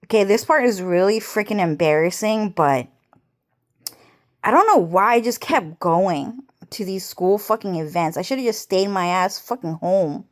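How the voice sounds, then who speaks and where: Agitated swearing young woman vlogger. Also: fairly low pitch. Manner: agitated, heavy swearing, repeats herself. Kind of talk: rambling personal monologue.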